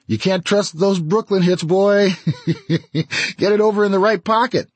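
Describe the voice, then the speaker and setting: A man's voice: sits high, measured pace, no room sound, pitched above the performer's own voice. A man putting on a brash, jeering explosives seller. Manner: crude, teasing, bossy. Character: brash middle-aged male explosives seller.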